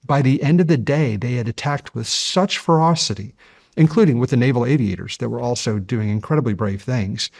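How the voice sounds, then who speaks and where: A man in his fifties, a guest on an interview show, telling stories in a measured, earnest way and building to animated passages. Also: medium pitch, vocal fry, no echo, studio quality. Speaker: guest, deep-sea explorer. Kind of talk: conversational interview storytelling.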